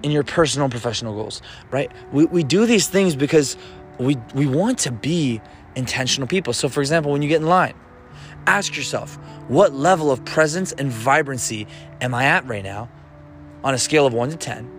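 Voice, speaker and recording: A man's voice: medium pitch, animated, a little fast, faint music behind. A man hosting a motivational self-help podcast, talking in a casual, playful coaching way. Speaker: podcast host.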